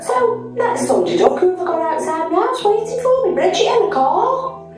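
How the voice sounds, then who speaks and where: Lively woman telling a story in an echoey hall. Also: very high voice, moderate pace. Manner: chatty, lively, acts out other voices. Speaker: miner's wife telling her story. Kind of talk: spoken storytelling on stage. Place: theatre hall. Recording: echoey hall from far off with music.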